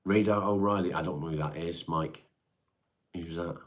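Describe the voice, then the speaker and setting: Low-voiced laid-back man chatting on stream. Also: fairly even intonation, moderate pace. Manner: laid-back, swears casually, reads and answers viewer comments. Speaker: live-stream host reading chat. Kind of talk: casual live-stream chat.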